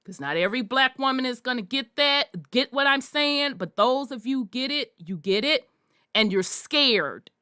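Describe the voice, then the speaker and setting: A woman hosting a podcast, delivering a forceful, profanity-laced monologue in a preachy way. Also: high voice, lively intonation, normal speed, clean tone, no echo, studio quality. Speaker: podcast host.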